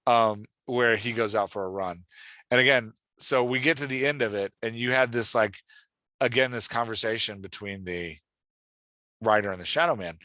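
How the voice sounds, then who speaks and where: A man's voice: on the low side, moderate pace, sharp tone, dry recording. Encouraging man, casual writing coach. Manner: loose and encouraging, full of "like" fillers. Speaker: podcast host and writing coach. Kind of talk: casual feedback chat.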